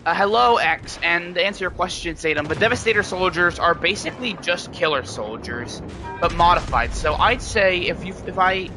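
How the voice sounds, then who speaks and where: A man's voice: high-pitched, animated, moderate pace, over music. A man streaming a game, chatting casually to viewers in a rambling way and often restarting his sentences. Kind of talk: casual live-stream chat.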